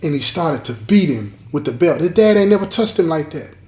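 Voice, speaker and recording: Male storyteller host, emphatic and repetitive, fairly high voice, echoey room. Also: animated, fairly quick, a little mellow. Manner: emphatic, repeats lines, addresses audience. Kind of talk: dramatic storytelling to viewers. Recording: roomy echo.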